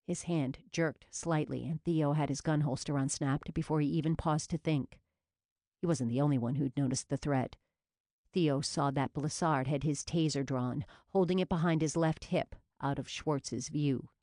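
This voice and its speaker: A woman narrating a police novel as an audiobook in an even, measured reading. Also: low-pitched, no echo, studio quality. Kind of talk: scripted narration.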